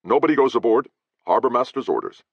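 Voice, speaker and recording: A man's voice: mid-range voice, very animated, quick pace, gravelly, slightly rough, no room sound, voice pushed up, full character voice. A man voicing a loyal, cautious male harbor guard with old-fashioned speech, talking in a confiding way, in a dry, slightly dull recording.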